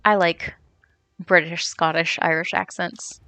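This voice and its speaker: A woman's voice: on the low side, level tone, unhurried, pushed and bright, no room sound. A young woman streamer chatting casually and rambling as she answers viewers while she plays. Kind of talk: casual chat while gaming, reading chat.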